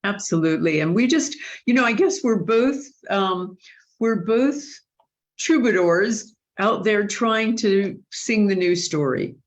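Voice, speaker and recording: A woman hosts a live online Q&A, speaking earnestly and thoughtfully with frequent restarts. Her mid-range voice has lively intonation and is a little slow, and the audio's highs are cut off.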